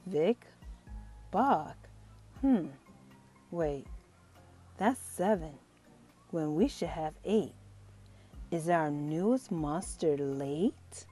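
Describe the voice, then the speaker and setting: A woman voicing a kindly, patient old mummy teacher who speaks in rhyme, slow and teacherly, for a storybook reading. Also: fairly low pitch, darkish tone, exaggerated voice.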